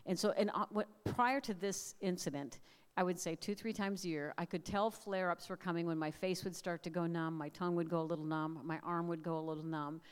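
A middle-aged woman speaking at a family camp, preaching earnestly in measured phrases and sharing personal testimony. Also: fairly low pitch, steady tone, clear, resonant tone. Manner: earnest, prayerful, measured cadence with emphatic repeated lists. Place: large hall. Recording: long hall reverb.

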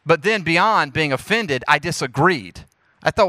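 A man in his thirties with a Southern US accent, giving a lively, preacherly leadership talk to a youth group and speaking straight to the audience. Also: a little high, unhurried, no room sound, studio quality. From Jackson, Mississippi.

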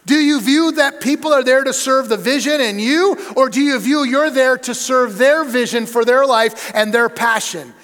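With a very high-pitched, slightly bright voice, a middle-aged man who serves as a church superintendent preaches a leadership talk at a moderate pace with hardly any pauses. His delivery is emphatic and punchy, full of lists and acted-out anecdotes, with long hall reverb in the recording.

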